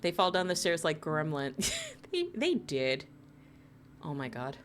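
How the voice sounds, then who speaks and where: A woman from New Jersey chatting casually with viewers on a live stream, playful and teasing, laughing often and swooping high in pitch when excited. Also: measured pace, a little hiss or hum.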